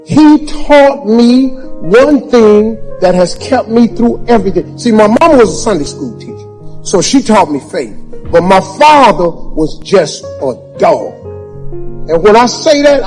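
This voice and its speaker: Man, motivational speaker, high voice, rhetorical, hall reverb with music under. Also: a little mellow. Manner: preachy, emphatic, repetitive rhetorical questions; folksy Southern-style grammar. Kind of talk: motivational speech.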